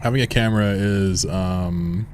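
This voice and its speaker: Deep-voiced joking male streamer. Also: steady tone, measured pace, a little mellow, slight background noise. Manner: rambling, joking, swears freely. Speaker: game streamer. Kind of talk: casual live-stream chat.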